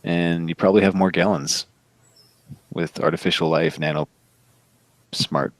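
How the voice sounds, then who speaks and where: A man's voice: sits low, steady tone, unhurried, no echo. A man hosting a casual online hangout chat over a headset, rambling and mocking with frequent swearing. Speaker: host. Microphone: headset on a video call.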